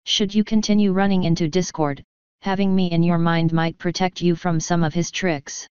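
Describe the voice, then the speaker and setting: A woman reading the part of a formal, composed royal lady, speaking in a measured, courteous way. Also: lowish voice, steady tone, darkish tone, clear, resonant tone, dry recording, dull audio, close to an everyday voice. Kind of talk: audiobook reading of fan fiction.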